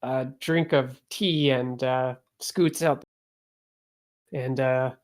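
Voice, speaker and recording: A woman's voice: extremely low pitch, steady tone, slow pace. Casual woman game master. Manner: casual, lots of "like" and fillers. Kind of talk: narrating a tabletop game.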